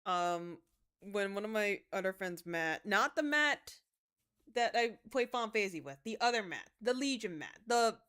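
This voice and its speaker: Animated young woman streamer. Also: mid-range voice, normal speed, clean tone. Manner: animated, swings from mumbling to excited shouts; swears casually, laughs through stories. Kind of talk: casual livestream chat while gaming.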